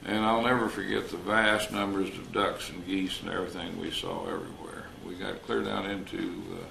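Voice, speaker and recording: An older retired wildlife officer telling folksy stories in an interview, acting out the voices of the people in them. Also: male voice, sits low, fairly even intonation, normal speed, gravelly. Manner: folksy, anecdotal, acts out quoted dialogue. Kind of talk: storytelling interview. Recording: roomy recording with faint noise.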